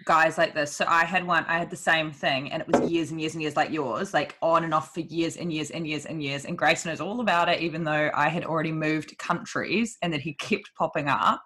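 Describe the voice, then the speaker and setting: A woman's voice: sits low, steady tone, a little fast, few pauses, background noise. A woman co-hosting a podcast, talking frankly in casual chat. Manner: frank, agreeing, laughing along. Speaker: podcast co-host.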